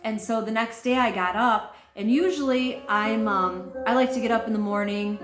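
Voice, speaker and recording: A woman's voice: fairly high pitch, normal speed, a bit bright. Woman podcast co-host, open and emotional storyteller, roomy sound, music bed. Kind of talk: casual spiritual chat. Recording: echoey room, music behind.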